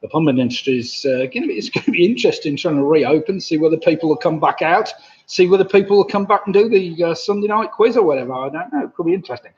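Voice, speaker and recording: A man's voice: on the high side, expressive, quick pace, darkish tone. A man in his sixties from England hosting a live-streamed pub quiz, chatty and reading out viewers' messages with a laugh. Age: 60s. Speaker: quiz host. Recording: dull lo-fi home stream audio.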